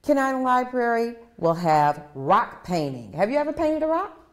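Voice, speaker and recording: A woman's voice: on the high side, big pitch swings, normal speed. A woman co-hosting a local TV live show, cheerfully running through upcoming events and laughing with her co-hosts. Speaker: co-host of a county TV live show. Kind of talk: casual live show chat.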